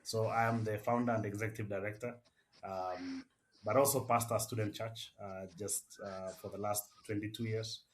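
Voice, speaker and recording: A Kenyan man in his forties, a missionary and campus pastor, answering interview questions in a measured way with many "uh" fillers. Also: fairly low pitch, steady tone, a little hiss or hum.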